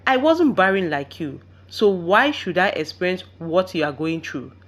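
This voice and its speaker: A cold, disdainful mother-in-law, scheming and spiteful, read out by a woman narrator. Her voice sits on the low side and swings widely as she sneers in this spoken story. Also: lively intonation, moderate pace. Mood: scornful.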